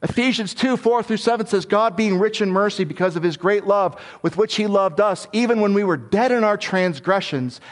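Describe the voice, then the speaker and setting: Earnest man preaching, slightly high voice. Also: moderate pace, few pauses. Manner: earnest, swings from soft and low to raised and emphatic. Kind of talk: sermon.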